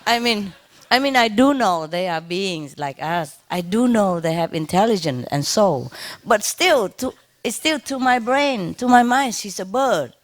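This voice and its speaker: A woman's voice: medium pitch, expressive, unhurried. A woman telling a story to an audience. She laughs often, repeats her words and stops to imitate sounds.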